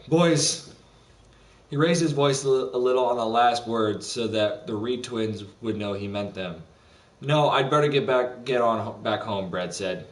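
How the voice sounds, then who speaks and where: A man's voice: on the low side, far from the mic. A man on a gaming livestream, joking with his co-host and then reading a novel aloud with some stumbles. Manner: jokey banter, reads a novel aloud haltingly. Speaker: streamer. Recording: roomy sound from away from the mic.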